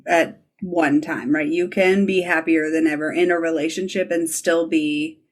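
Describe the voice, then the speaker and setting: A woman's voice: low-pitched, steady tone, moderate pace. Woman host recapping with acted-out quotes. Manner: retells scenes acting out lines, laughs often. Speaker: podcast host. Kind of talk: casual recap chat.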